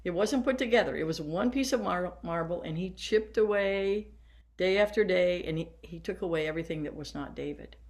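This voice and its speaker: A woman's voice: on the low side, brisk. Older woman leading a band lesson. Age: 70s. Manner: warm, hands-on, guiding listeners through exercises. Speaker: band teacher. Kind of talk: workshop lesson for teachers. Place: seated.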